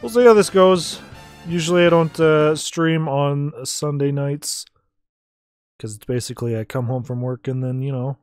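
A man's voice: fairly high pitch, clear, resonant tone. A man streaming a video game, casual and wry, with offhand swearing and asides. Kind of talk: casual gameplay commentary.

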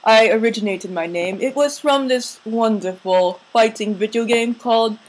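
A woman voicing a haughty English lady with a put-on English accent, halting and fishing for words. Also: on the high side, a little hiss or hum, natural voice, low-quality recording.

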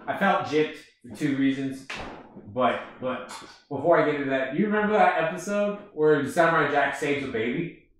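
A man in his twenties, co-hosting a podcast in casual chat and telling stories with excitable energy. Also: a little high, normal speed. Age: 20s. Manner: excitable, animated storytelling. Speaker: podcast co-host. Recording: roomy and distant.

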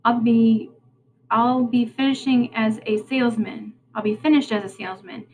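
A woman's voice: fairly high pitch, fairly even intonation, normal speed, darkish tone, lightly acted, low-quality recording. A woman voicing a proud, bossy young male salesman in a storybook, speaking in a curt rural drawl.

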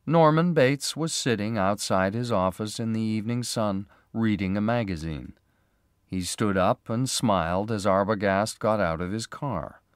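A man slowly and clearly reading a graded story for English learners, with expressive delivery. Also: fairly low pitch, dry recording, clean studio sound. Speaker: narrator.

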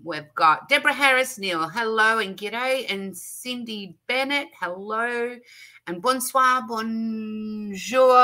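A woman's voice: on the high side, sharp tone. An Australian woman hosting a live craft stream from her craft room, chatty and bubbly, laughing often as she greets people. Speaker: livestream host. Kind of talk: casual live chat greeting viewers.

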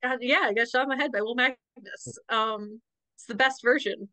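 A woman co-hosting a book club podcast, giving frank commentary and often pausing on "um". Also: a little high, bright, forceful tone, dry recording. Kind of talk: casual podcast chat.

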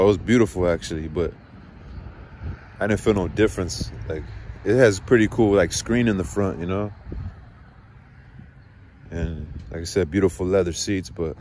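A man's voice: deep voice, a little mellow, a little hiss or hum. A man in a rambling, profane monologue, venting agitatedly about family and work. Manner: rambling, frequent swearing, agitated. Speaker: vlogger.

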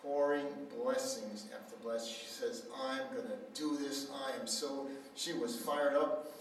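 A man's voice: medium pitch, unhurried. A man preaching at a healing center, telling a story and acting out the dialogue. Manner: animated storyteller, acts out quoted dialogue. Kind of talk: sermon with storytelling. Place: church hall. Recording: echoey hall, mic far off, faint noise.

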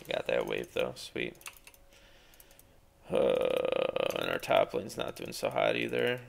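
Frustrated young man with gravelly voice. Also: extremely low pitch, wildly swooping pitch, normal speed. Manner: frustrated, swearing, exclaiming. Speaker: gameplay streamer. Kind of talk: live gameplay commentary.

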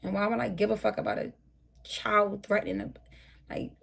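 A woman's voice: medium pitch, lively intonation, fairly quick, gravelly, slight background noise. A tired woman ranting profanely and combatively at her viewers during a late-night livestream. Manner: profane, combative, talks straight at her chat. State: tired, burnt out.

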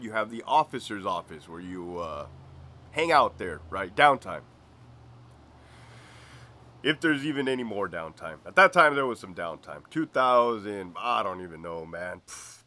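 Lively, laughing former prison-guard storyteller man. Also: fairly low pitch, measured pace. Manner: slangy and profane, laughs often. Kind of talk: casual storytelling.

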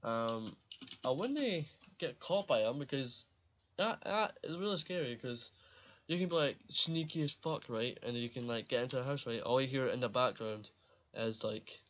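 A man's voice: mid-range voice, lively intonation, normal speed, fairly bright tone, highs cut off. A man giving casual commentary while playing a survival game, rambling and swearing freely and laughing at his own slips. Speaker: gaming channel host.

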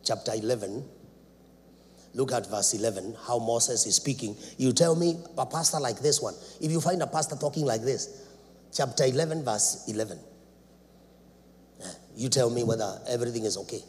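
A man preaching a sermon in a church, dramatic, swinging between loud shouts and low asides. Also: normal speed. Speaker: apostle preaching. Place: church sanctuary. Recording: reverberant church hall, faint background noise.

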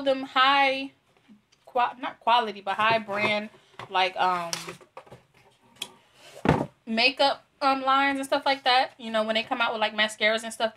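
A woman's voice: on the high side, pushed and bright. A young woman reviewing free products in a casual unboxing vlog, chatty and giggly, with many fillers. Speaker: beauty vlogger.

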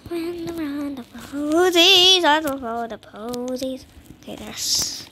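A woman's voice: sits high, slow pace, pushed and bright, slight background noise. A woman with a sound giving jittery, dramatic commentary while playing a game, dropping to whispers and jumping to squeals. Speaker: gamer playing a horror escape game. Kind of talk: casual gameplay commentary.

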